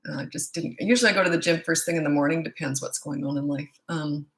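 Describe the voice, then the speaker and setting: Low-pitched and fairly bright, she talks fast. She's a parenting coach in her sixties on a home live stream, reading viewer comments aloud and chatting loosely between them.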